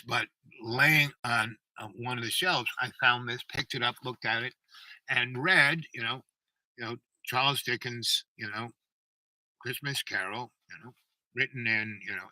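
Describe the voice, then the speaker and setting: A man's voice: mid-range voice, bright, forceful tone, dry recording, low-quality recording. A man in his seventies telling a long story in a meandering, casual way, full of "you know" fillers. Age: 70s. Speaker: channel host.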